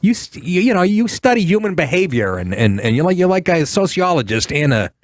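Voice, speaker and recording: Animated American host, lively pitch. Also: male voice, fairly quick, no echo, clean studio sound. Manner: animated, exclaiming, swooping pitch. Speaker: podcast host. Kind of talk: casual podcast chat.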